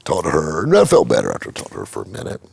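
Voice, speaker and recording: A man's voice: extremely low pitch, wildly swooping pitch, very fast, vocal fry, a little mellow, slightly rough, no echo. A middle-aged man, a car dealer, telling a rambling, profane story in casual chat, with many repeated words. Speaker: car dealer and channel host.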